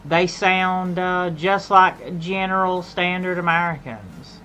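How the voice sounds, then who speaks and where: A woman's voice: fairly low pitch, slow, sharp tone, a little hiss or hum, poor audio. Rambling Appalachian woman streamer. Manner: rambling, repeats and restarts phrases. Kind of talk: casual gaming chat.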